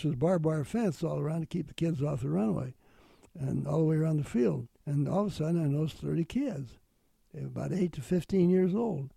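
An older man, interviewed, telling a personal memory in a halting, earnest way. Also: on the high side, dark tone, no echo. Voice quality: gravelly. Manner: halting, earnest storytelling with restarts.

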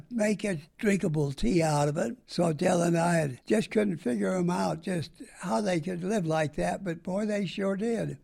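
A man's voice: high-pitched, creaky, darkish tone. An older man from the United States, a war veteran, tells rambling, folksy stories in an oral history interview.

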